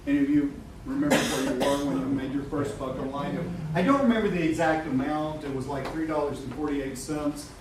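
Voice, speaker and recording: A middle-aged man with a fairly high voice talks casually to a live audience, joking, swearing and laughing as he goes. He is picked up from a distance in an echoey room. Background noise runs under his voice. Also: brisk, hardly any pauses. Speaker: webinar presenter.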